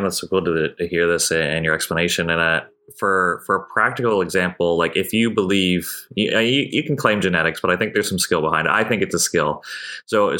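A man's voice: sits low, pushed and bright. A man hosting a podcast, asking enthusiastic questions in a casual interview. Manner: enthusiastic, quick questions with restarts. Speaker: podcast host.

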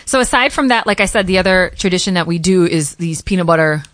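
Chatty woman telling lively stories. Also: on the low side, quick pace, no room sound. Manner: chatty storyteller, lively quoted voices. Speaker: podcast co-host. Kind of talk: casual chat.

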